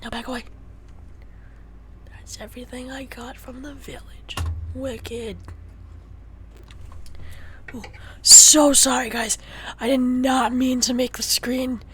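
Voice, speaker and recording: A young woman streaming a game, chatting casually and shifting between hushed muttering and excitable talk. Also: fairly high pitch, slight background noise. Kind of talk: casual gameplay livestream chat.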